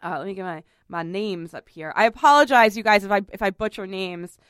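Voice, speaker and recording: A woman's voice: mid-range voice, brisk, fairly bright tone, clean tone, no echo, clean studio sound. A woman hosting a podcast in casual chat, talking chattily, often laughing and apologizing. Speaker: podcast host.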